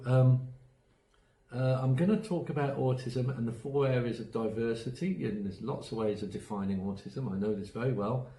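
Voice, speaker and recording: Leading an online autism strategies workshop, a man shares anecdotes in a chatty way, performing quoted voices and often umming and restarting. He has a warm, mid-range voice. The low-quality recording has an echoey room and a little hiss or hum.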